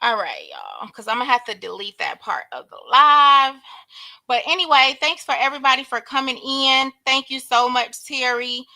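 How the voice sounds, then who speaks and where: A woman chats to her live-stream viewers from her bedroom, greeting each one by name in long, drawn-out hellos. Her voice sits high and sounds bright. The sound is dry and close, and she sniffles now and then. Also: sing-song, gravelly, no echo, rough recording. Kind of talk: casual live-stream chat. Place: home bedroom.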